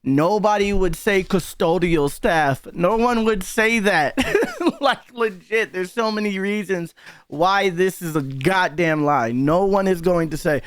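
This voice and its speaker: A man's voice: high-pitched, measured pace, a bit bright, clear, resonant tone, no room sound. A man giving casual reaction commentary, heated and profane, openly disbelieving what he hears.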